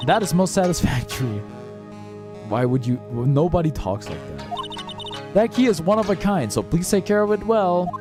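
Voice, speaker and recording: A man's voice: sits high, expressive, moderate pace, music in the background, pitched above the performer's own voice. A man voicing a haughty, scheming older woman with a formal, imperious way of speaking. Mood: stiff.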